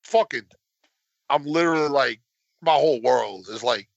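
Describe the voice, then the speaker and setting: A man telling a story in casual chat, swearing constantly and getting animated as he goes. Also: normal speed, vocal fry, pauses often, no echo. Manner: animated, voice climbs high when worked up. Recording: dull lo-fi dry sound.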